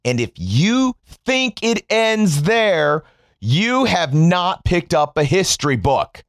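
An American political commentator delivers a slow, sarcastic monologue straight to his viewers, calling them "folks" and swearing freely as he mocks and jabs. His pitch swings widely throughout, and the recording is dry and close, with no room sound.

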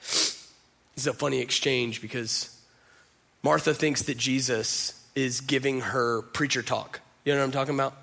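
A man's voice: mid-range voice, fairly even intonation, normal speed, vocal fry, fairly bright tone. A man preaching a conversational sermon, speaking casually and directly to the congregation. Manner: casual and direct, addresses listeners as "y'all", uses filler "like". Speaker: pastor.

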